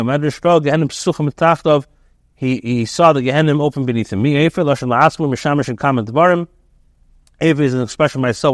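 A man with a somewhat high voice reads a text aloud and translates it phrase by phrase, often stopping to restart a word. The sound is dry and close, with no room around it. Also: dry recording. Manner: halting, with frequent restarts and fillers. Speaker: rabbi teaching Torah.

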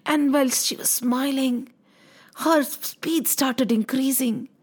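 A woman telling a mythological story in an animated, emotive way with exclamations. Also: high-pitched, takes it slowly.

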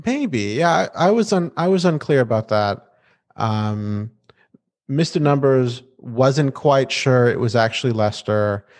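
Animated man recapping a show. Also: medium pitch, a little slow. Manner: animated and playful, with restarts. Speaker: podcast co-host. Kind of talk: casual TV episode recap chat.

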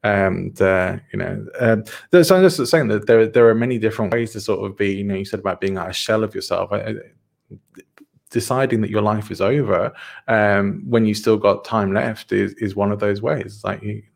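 A man hosting a casual chat, reflective and halting, often repeating his words. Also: lowish voice, vocal fry. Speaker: podcast host.

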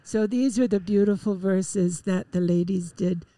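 A woman co-hosting a radio show, gently telling the stories behind songs in casual chat. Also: mid-range voice, measured pace, dry recording. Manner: gentle storytelling, explains songs. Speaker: radio co-host.

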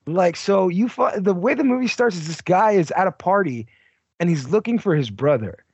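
A man's voice: high voice, lively intonation, moderate pace, muffled recording, slight background noise. A man co-hosting a casual movie podcast, talking bluntly with lots of swearing and "like.". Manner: blunt, profane, heavy use of "like". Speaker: podcast co-host.

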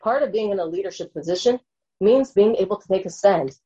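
A woman's voice: mid-range voice, fairly quick, mellow, muffled recording. A woman lecturing and answering an audience question in an earnest way, often checking in with her listeners.

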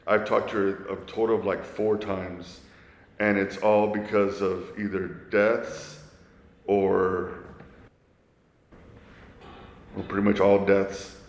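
Guy in his 40s, low voice, earnest and kinda halting, long echo in the room. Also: flat delivery. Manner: earnest, halting, many restarts. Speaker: guest. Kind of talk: candid personal storytelling in conversation. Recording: echoey, reverberant room.

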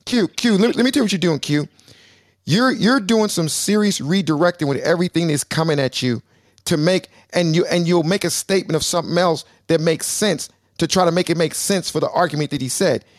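A man's voice: fairly high pitch, dry recording, studio quality. A man co-hosting a live debate, cutting in constantly and calling people bro. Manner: rapid, interrupts with repeated "hey" and "bro". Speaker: debate show host.

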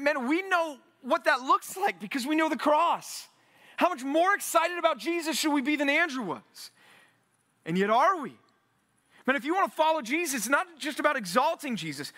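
A man preaching to a men's Bible study with an energetic, animated delivery. His voice sits high and bright. He acts out the quotes he reads and builds to near shouts when he urges his listeners. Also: a little fast. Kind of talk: sermon.

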